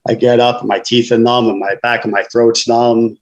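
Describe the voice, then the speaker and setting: A man's voice: medium pitch, level tone, normal speed, dull audio. A man, a guest author telling his life story frankly in casual conversation, often saying "you know".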